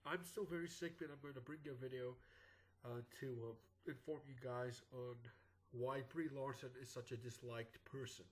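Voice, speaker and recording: Male YouTuber with a congested, groggy sick voice; rambling casual commentary at a middle pitch. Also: steady tone, moderate pace, low-quality recording. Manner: rambling, with frequent "uh" and restarts. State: sick with clogged sinuses.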